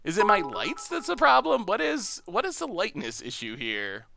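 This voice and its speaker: A man's voice: high voice, wildly swooping pitch, normal speed, creaky, bright, forceful tone, no echo, faint music behind. A man with an upstate New York accent hosting a live stream, chatting and thinking aloud as he plays a card game and laughing often. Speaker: stream host. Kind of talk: live-stream gameplay commentary.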